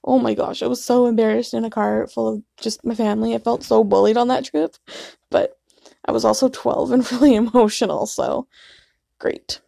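Gravelly young woman rambling in a vlog. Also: on the high side, steady tone, moderate pace, warm tone, dry recording, studio quality. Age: 20s. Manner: rambling, self-deprecating, many fillers. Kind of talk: casual vlog storytelling.

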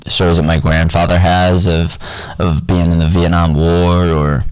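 A man's voice: deep voice, little pitch movement, normal speed, a little mellow, smooth, dry recording, poor audio. A young man talking in a rambling, profane, unfiltered casual monologue.

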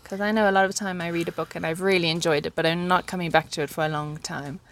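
A woman's voice: on the low side, fairly even intonation, quick pace, crowd noise. A woman co-hosting a podcast in casual chat, rambling and laughing often. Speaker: podcast co-host.

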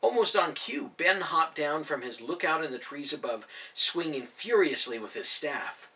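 A man reads a children's novel aloud with a bright, forceful tone and lively, animated swings in pitch. His voice is a touch higher than most men's. He sits some distance from the mic. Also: normal speed. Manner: animated, expressive. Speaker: storyteller.

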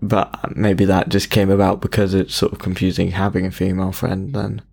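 A man's voice: sits low, level tone, moderate pace, vocal fry, darkish tone, slightly rough. A young man from England co-hosting a podcast, musing hesitantly with dry, self-deprecating humor. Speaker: podcast co-host. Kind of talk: casual podcast chat.

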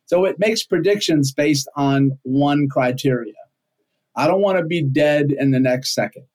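A man's voice: on the high side, unhurried, a little mellow. A man on a podcast, explaining ideas in a conversational way with everyday examples and frequent rhetorical questions. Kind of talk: casual explanatory chat.

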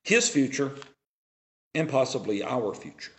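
A man preaching a sermon, reading scripture aloud and explaining it with deliberate pauses. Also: medium pitch, sing-song. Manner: slow, deliberate preaching with dramatic pauses and swings in loudness; reads scripture aloud in a raised, declaiming voice.

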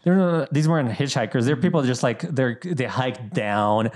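A young man from Bosnia chatting casually, telling animated stories full of "like" fillers. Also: mid-range voice, normal speed. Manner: animated storytelling, lots of "like" fillers. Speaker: podcast guest, content creator. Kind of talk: casual chat.

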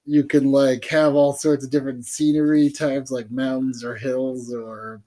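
A man's voice: medium pitch, flat delivery, a little slow, warm tone. A man co-hosting a podcast in loose, profane casual chat, laughing often. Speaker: podcast co-host.

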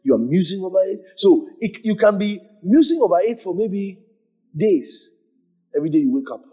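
A man pastor teaching a congregation, animated, repeating phrases and acting out moments as he preaches. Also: sits high, moderate pace, breathy edge, soft background music. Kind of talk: church teaching with questions.

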